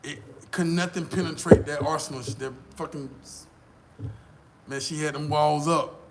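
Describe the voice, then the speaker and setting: An American man vlogging, telling a boastful, profane story in a casual, animated way. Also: on the high side, normal speed.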